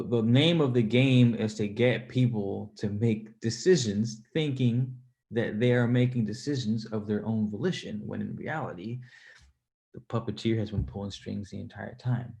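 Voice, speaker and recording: A man hosting a casual livestream, reading viewer comments aloud, animated and swearing freely as he talks. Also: lowish voice, creaky. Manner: animated, swears freely, laughs between points.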